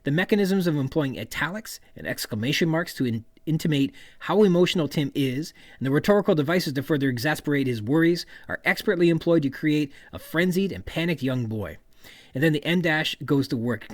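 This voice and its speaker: A man's voice: fairly high pitch, no echo. A man hosting a podcast, analyzing a novel's writing and reading quoted passages aloud. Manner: reads quoted passages aloud, then explains them; lively, expressive emphasis. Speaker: podcast host. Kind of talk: literary analysis monologue.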